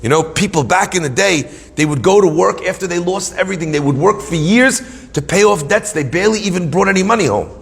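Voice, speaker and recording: A man giving a storytelling Torah lesson, acting out the quotes and swinging between hushed and emphatic. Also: high-pitched, animated, fast talker, creaky, hardly any pauses, big-room sound. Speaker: rabbi giving a Torah talk.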